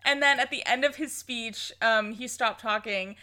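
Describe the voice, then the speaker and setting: A young woman co-hosting a podcast in casual chat, excitable and gushing, swearing freely. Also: fairly high pitch, moderate pace. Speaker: podcast co-host.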